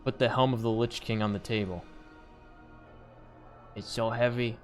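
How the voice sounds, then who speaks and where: A man's voice: medium pitch, fairly even intonation, moderate pace, soft background music. A man streaming a game, chatting casually and joking about what he sees. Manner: playful, joking, reacts to the game. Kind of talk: casual gameplay commentary.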